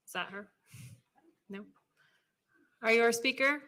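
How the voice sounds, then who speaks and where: Brisk woman chairing a board meeting. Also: on the high side, pushed and bright. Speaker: meeting chair calling speakers. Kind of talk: formal meeting procedure.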